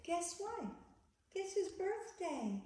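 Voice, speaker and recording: A woman reading a children's picture book aloud in an animated, sing-song way. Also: extremely high pitch, takes it slowly, a little hiss or hum. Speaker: children's storyteller. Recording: echoey room.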